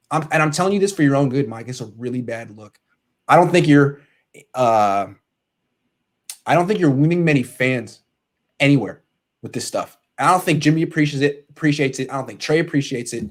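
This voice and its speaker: A male sports podcast host in casual chat, ranting in an animated, exasperated way. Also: medium pitch, brisk.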